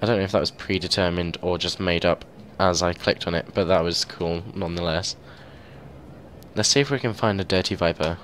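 A young man giving casual, excitable commentary as he plays a game and thinks aloud into a mic held very close to his mouth. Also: deep voice, fairly quick, a little hiss or hum. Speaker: gameplay video host.

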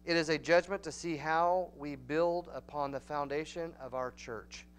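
A male pastor with a Texan drawl leads a Bible study from the pulpit, plainspoken and emphatic. His voice sits fairly high and climbs into loud, urgent stretches. A faint hum runs under the church recording. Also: normal speed. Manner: folksy, emphatic, rising to near-shouting peaks. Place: church sanctuary.

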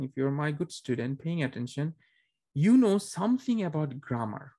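A man's voice: mid-range voice, lively intonation, normal speed, warm tone. A man teaching a beginner Arabic class, explaining conversationally and checking understanding with frequent questions to students. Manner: frequent restarts and fillers, conversational. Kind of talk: classroom lecture.

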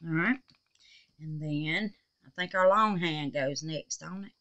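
A woman's voice: deep voice, a little slow, a bit bright, lo-fi sound. A woman chatting folksily while assembling a resin clock at home, tired and huffing, with frequent exclamations and laughs. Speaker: resin craft vlogger. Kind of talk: casual crafting chat.

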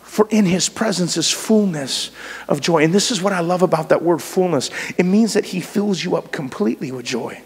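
High-voiced pastor preaching in a reverberant church. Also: male voice, moderate pace, husky. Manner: animated and conversational, swings between loud and soft. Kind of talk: sermon. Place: church sanctuary.

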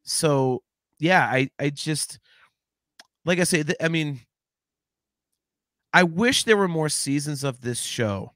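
A man co-hosting a podcast in casual chat, talking in an animated, rambling way with lots of restarts and swearing. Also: medium pitch, no echo, studio quality. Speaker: podcast co-host.

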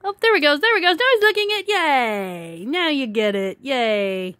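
A woman's voice: sits high, very animated, normal speed, fairly bright tone, no room sound, studio quality. A woman talking casually to her cat at home, playful and teasing, laughing often. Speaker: pet vlogger.

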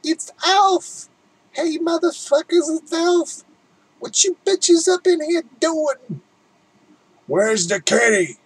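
A man voicing a brash, crude male alien sitcom puppet, in a much higher, loud, rowdy voice. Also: lively intonation, takes it slowly, dry recording, full character voice, poor audio.

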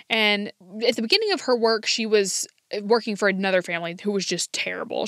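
A woman podcast host tells stories in a casual, chatty way. She acts out the quoted lines with lively turns. Her voice is mid-pitched and recorded close and dry, with no room sound. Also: no echo. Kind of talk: casual storytelling.

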